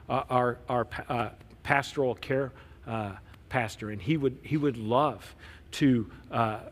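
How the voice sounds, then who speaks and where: A man preaching a sermon as pastor, telling stories conversationally with frequent restarts. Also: medium pitch. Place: church sanctuary. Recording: long reverb of a church hall.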